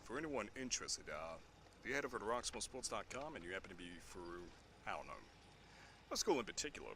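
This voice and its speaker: Quiet, bright-voiced male baseball commentator. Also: lowish voice, a little hiss or hum. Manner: quiet, hushed like golf commentary. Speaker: sports commentator. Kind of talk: soft-spoken live play-by-play commentary. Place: outdoors at a baseball field. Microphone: boom mic.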